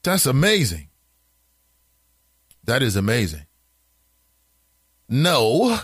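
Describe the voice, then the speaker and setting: Hosting a laid-back call-in show, this man reads listener comments in a flatter voice before breaking into lively, incredulous asides with laughter. His pitch swings widely as he gets worked up, and he speaks at normal speed. The recording is dry and close, with no room sound.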